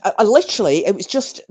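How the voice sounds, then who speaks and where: Chatty low-voiced woman. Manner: chatty, swearing, telling drunken stories. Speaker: streamer. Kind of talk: casual live-stream chat with viewers.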